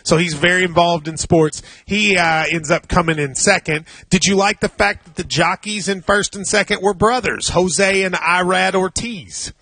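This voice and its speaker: High, bright-voiced man hosting sports radio. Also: moderate pace, few pauses, no echo. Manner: teasing, conversational, animated storytelling. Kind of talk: sports talk radio chat.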